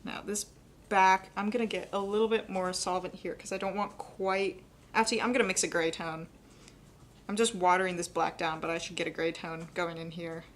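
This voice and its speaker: A young adult woman giving a live painting demonstration, talking quickly and chattily and laughing often. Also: fairly low pitch, flat delivery, slight background noise. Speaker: painting instructor.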